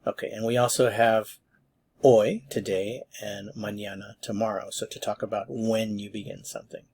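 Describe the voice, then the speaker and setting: Low husky male Spanish teacher. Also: flat delivery, normal speed, a little mellow. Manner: patient, encouraging explanations. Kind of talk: online grammar lesson.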